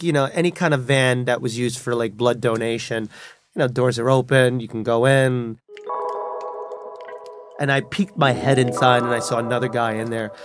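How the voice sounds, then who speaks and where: A man from New York, telling a personal story in an animated way and acting out the voices of the people in it. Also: medium pitch, no room sound. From New York City. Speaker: storyteller guest.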